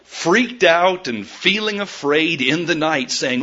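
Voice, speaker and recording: A man's voice: a little high, takes it slowly. A male pastor giving a sermon in a church, telling stories animatedly and acting out voices. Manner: animated storytelling, acts out quoted voices. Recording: muffled lo-fi sermon recording.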